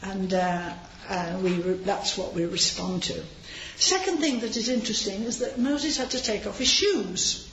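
A woman's voice: on the high side, lively intonation, measured pace, few pauses, a little hiss or hum. Chatty woman preaching in a roomy hall. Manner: chatty, anecdotal, with frequent asides and light laughs. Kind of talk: informal sermon. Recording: roomy, slightly dull hall recording.

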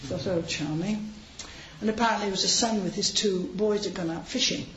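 A woman's voice: medium pitch, steady tone, quick pace, fairly bright tone. A woman giving an informal sermon, chatty and anecdotal, with frequent asides, recorded in a large hall. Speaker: preacher. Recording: roomy, slightly dull hall recording.

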